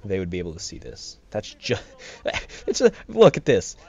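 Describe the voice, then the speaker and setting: A man's voice: low-pitched, huge pitch swings, moderate pace, gravelly, darkish tone, breathy edge. A young man hosting a let's play, giving rambling, jokey commentary and laughing often. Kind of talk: casual gameplay commentary. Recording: slightly dull home mic with game music.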